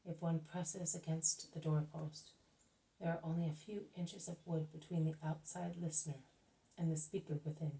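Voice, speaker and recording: A woman reading a spiritual book aloud, calm and measured, as the channel's reader. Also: deep voice, gravelly, recorded from a distance, low-quality recording. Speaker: audiobook reader.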